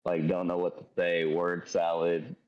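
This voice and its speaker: A man co-hosting a live trading stream, chatting in a laid-back way with soft chuckles. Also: sits low, completely flat delivery, measured pace. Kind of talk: casual live-stream chat. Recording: dull lo-fi stream audio.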